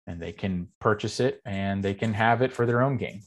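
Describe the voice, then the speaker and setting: A man's voice: on the low side, moderate pace, a crowd in the background. A man talking in a casual podcast chat, rambling with many fillers and telling stories with animation. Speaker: game master and guest.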